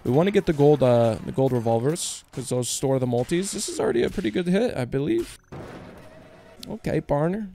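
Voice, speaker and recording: Excitable, foul-mouthed man streaming slots. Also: a little fast. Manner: excitable, profane, bursts into high yells on big wins; slangy and joking, talks to viewers as bro and partner. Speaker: slot streamer. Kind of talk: casual gameplay commentary.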